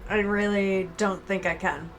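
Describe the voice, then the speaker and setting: Woman, Midwest accent, slow delivery, playful, laughs a lot, streaming a dating game. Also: mid-range voice, fairly even intonation, soft background music. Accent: American Midwest. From American Midwest. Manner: playful, laughs often, reads in a slow storytelling way. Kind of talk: reading a dating game aloud with playful commentary.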